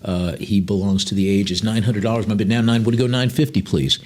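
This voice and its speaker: A man's voice: lowish voice, fairly even intonation, a little fast, a little mellow, a little hiss or hum. Chatty man calling a live auction. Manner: chatty, digressive, many fillers between bid calls.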